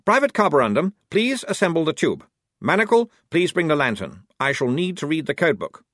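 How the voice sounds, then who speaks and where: A prim young officer, put on by a male reader, speaking in a high, lively voice with clipped, exact phrasing and an air of smug politeness. The recording is close and dry. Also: dry recording. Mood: crisp. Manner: brisk, precise, pleased with himself.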